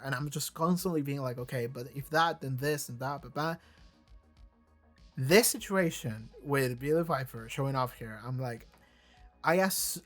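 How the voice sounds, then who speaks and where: A reaction video host talking casually and excitably, rambling and swearing often, and at times reading wiki text aloud. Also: mid-range voice. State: voice briefly cracking.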